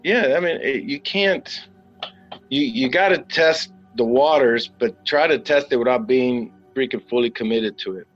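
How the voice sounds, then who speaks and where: An actor and author guests on a podcast, chatting in a loose, laid-back, rambling way packed with fillers and "man." His mid-range voice runs at normal speed over soft background music, in a dull lo-fi recording of this casual interview.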